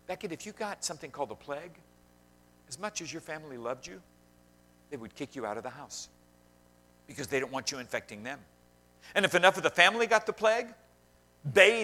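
A man preaching a sermon, swinging between loud emphasis and quiet asides and questioning the congregation directly. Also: on the high side. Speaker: pastor.

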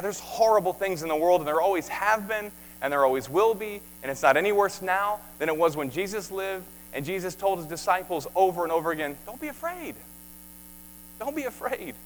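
A man's voice: high voice, slight background noise, poor audio. A man preaching a sermon as pastor, talking conversationally with stumbles and repeats, then building to passionate questions. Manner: conversational, repeats words, rises to impassioned questioning.

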